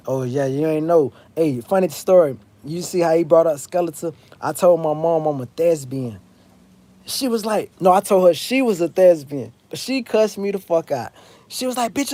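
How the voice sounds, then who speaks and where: A man's voice: medium pitch, mellow. A man from South Florida hosting a casual livestream, rambling, swearing, and answering viewers in chat. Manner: rambling, profane, talks straight to chat. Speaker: livestream host.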